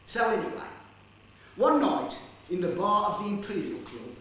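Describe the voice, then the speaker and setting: An actor playing a modest, earnest working-class comic actor in a stage play. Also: male voice, high voice, very animated, normal speed. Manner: earnest, plain-spoken, slightly sheepish. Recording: roomy theatre sound from far off, music.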